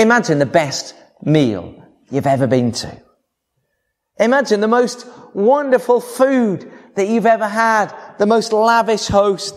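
A man preaching a sermon to a congregation, with expressive, varied emphasis. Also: sits high.

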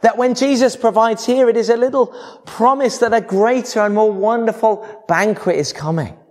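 A man preaching a sermon to a congregation, with expressive, varied emphasis. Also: sits high, normal speed.

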